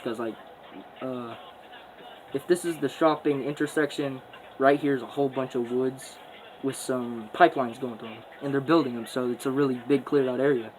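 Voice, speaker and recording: A young man spins a rambling, boastful story full of swearing and street slang. His voice sits at an ordinary middle pitch. He records casually at home, with a faint hiss in the background. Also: fairly even intonation, moderate pace, rough recording.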